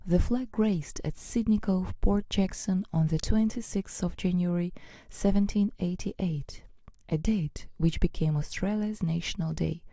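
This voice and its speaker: Low, mellow woman narrating a lesson. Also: creaky, dry recording. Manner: steady, explanatory reading. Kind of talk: scripted educational narration.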